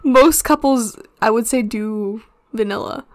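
A woman's voice: on the high side, unhurried. A woman co-hosting a casual podcast chat, frank and chatty, laughing often and cursing. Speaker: podcast co-host.

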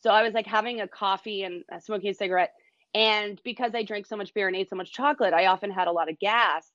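A middle-aged woman from Canada, a comedian, spins casual anecdotes in a lively, self-deprecating way. Her voice sits at an ordinary middle pitch. It is recorded close and dry, with no room sound. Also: quick pace, dry recording, dull audio. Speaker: stand-up comedian, guest. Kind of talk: casual storytelling chat.

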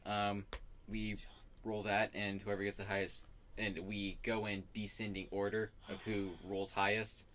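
Casting: lowish male player, casual, chatty rule explainer, faint background hiss. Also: monotone, unhurried, fairly bright tone. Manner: explains rules with fillers and restarts. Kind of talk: casual game chat.

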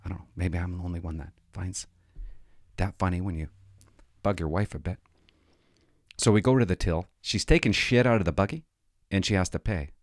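A man's voice: low voice, fairly quick, pauses often, no echo, studio quality. A middle-aged man telling a rambling, self-mocking comic story to his vlog audience. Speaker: vlogger.

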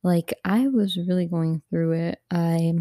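A young woman hosts her own solo podcast from home on a laptop mic, chatting casually and drifting between topics with lots of fillers. Her voice is on the low side, a little slow and mellow, and the sound is dry and studio quality.

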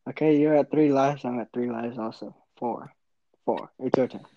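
A woman's voice: rumbling low, warm tone, a little hiss or hum. A young woman hosting a casual podcast chat, teasing her friend and laughing often. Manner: teasing, joking, quick to laugh. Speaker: podcast host. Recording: dull lo-fi mic.

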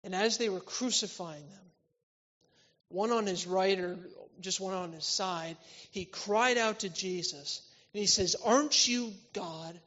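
A man preaching a church sermon, swinging between loud, emphatic lines and quiet, intimate ones. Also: sits high, a little slow. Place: church hall. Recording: reverberant hall, slightly dull sound.

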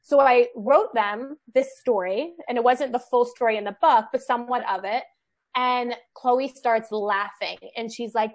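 A woman in her thirties tells a story about family life in a loose, animated way. Her voice sits a bit high. She leans on "like" and "you know" as she goes. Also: normal speed. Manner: animated storyteller, lots of "like" fillers. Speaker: guest, children's book author. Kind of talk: casual podcast chat.

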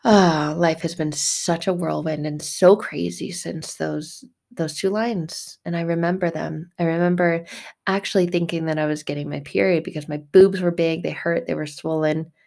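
A woman's voice: deep voice, steady tone, normal speed, gravelly, darkish tone. A woman giving a casual spiritual monologue, speaking emphatically and bluntly, with repetitive phrasing. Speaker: faith vlogger.

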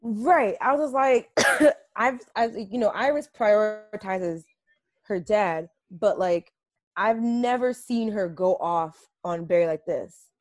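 A woman co-hosting a podcast in casual chat, animated and acting out quotes in voices. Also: medium pitch, takes it slowly, dry recording. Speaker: podcast co-host.

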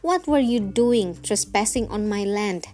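A woman reading a storybook, voicing a booming, cruel male giant who thunders his words slowly and menacingly. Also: close to an everyday voice.

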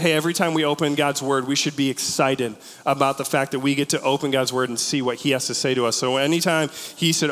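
Youth pastor, male, high-pitched, jokey storyteller, preaching in a reverberant church hall. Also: smooth. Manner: animated, joking, acts out voices in his story. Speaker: middle school pastor.

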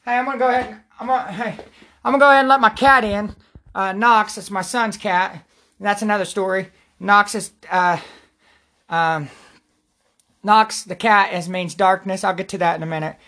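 A woman leading prayer and Bible talk at home on a livestream, excitable and rambling, repeating herself and bursting out loud. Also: mid-range voice, normal speed. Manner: repetitive, excitable, rambling, prone to outbursts. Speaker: self-styled preacher leading prayer and Bible study.

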